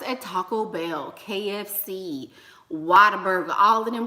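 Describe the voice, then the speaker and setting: A young woman hosting a casual livestream, lecturing with emphatic repetition and shouting greetings to donors. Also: mid-range voice, expressive, unhurried. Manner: preachy, repeats points for emphasis. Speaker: livestream host. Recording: roomy with long reverb.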